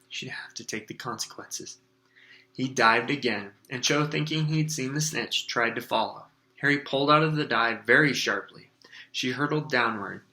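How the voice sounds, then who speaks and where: Bright-voiced man reading a story aloud. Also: medium pitch. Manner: lively, expressive reading.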